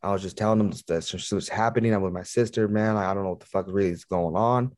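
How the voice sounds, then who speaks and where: A man's voice: low-pitched, darkish tone, no room sound. A man telling a personal story in a casual interview, swearing often and stumbling over his words. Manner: profane, rambling, halting retelling. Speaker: guest.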